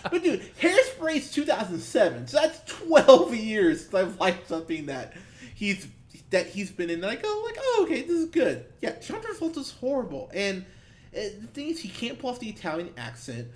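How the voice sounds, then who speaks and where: Animated ranting man on a podcast. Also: high voice, normal speed. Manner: profane, heated ranting with laughs. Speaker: podcast co-host. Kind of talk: ranty movie review chat.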